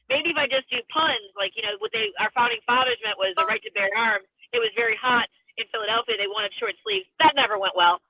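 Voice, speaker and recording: A woman's voice: high voice, sing-song, fast talker, gravelly, few pauses, slightly rough, no echo. A woman stand-up comedian ranting in an exasperated, self-mocking way on a video call. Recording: tinny phone-like line.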